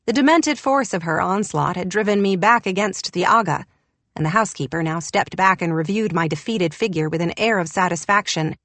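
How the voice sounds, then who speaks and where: A woman's voice: lowish voice, a little fast, a bit bright, no echo. Woman reading an audiobook, wry and descriptive, dry close mic. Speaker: audiobook narrator. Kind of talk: scripted narration.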